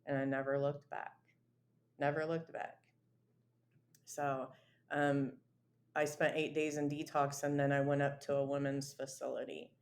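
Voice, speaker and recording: A woman's voice: extremely low pitch, level tone, a little slow, long pauses, a little mellow. A woman guest telling her own recovery story in an interview, in a casual, earnest and emotional way, with many fillers and restarts.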